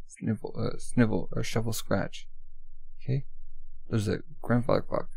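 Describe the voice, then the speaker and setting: Man reading a comic aloud, casual and loose, gravelly low-end grit on his voice, dry close sound. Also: steady tone, measured pace, long pauses, a little mellow, no echo. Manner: casual, loose, with many fillers and restarts. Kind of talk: reading a manga aloud with commentary.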